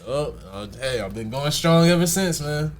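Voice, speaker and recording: A man's voice: a little high, normal speed, slight background noise. A man hosting a podcast, telling stories in casual slang and acting out what people said. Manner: lively storyteller acting out quoted voices, slangy. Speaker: podcast host. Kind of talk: casual chat.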